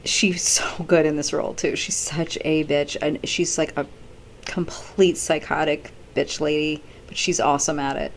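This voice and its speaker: A woman's voice: low-pitched, fairly even intonation, moderate pace, slight background noise. Rambling middle-aged woman vlogger. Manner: rambling, off-the-cuff, many fillers. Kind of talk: casual chat.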